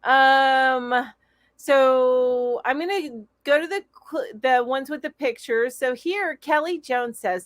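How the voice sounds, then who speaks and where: Casual co-host: a woman with a high voice who rambles and laughs a lot, on a dry video-call mic. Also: slow pace, no echo. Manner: chatty, rambling, laughs often. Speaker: podcast co-host. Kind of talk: casual live-stream chat.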